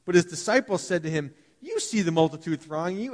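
Animated male preacher in a reverberant hall. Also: high voice, fairly quick. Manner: animated, conversational preaching with acted-out voices. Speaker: pastor. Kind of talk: sermon. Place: church sanctuary.

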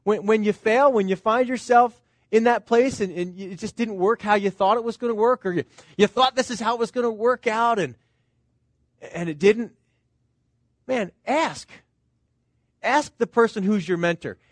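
A man's voice: high-pitched, moderate pace, no echo. A middle-aged man, a pastor, preaching a sermon in an earnest, conversational way, full of rhetorical questions to the congregation.

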